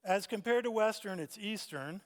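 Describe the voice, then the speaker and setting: Male pastor, bright high voice, lively teaching in a reverberant church hall. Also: normal speed. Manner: animated, acts out quoted voices and jokes. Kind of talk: Bible teaching talk. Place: church sanctuary.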